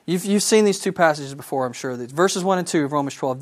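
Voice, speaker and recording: Animated man teaching the Bible. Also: on the high side, a little fast, hardly any pauses. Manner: animated and enthusiastic, asks the audience questions. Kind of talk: sermon.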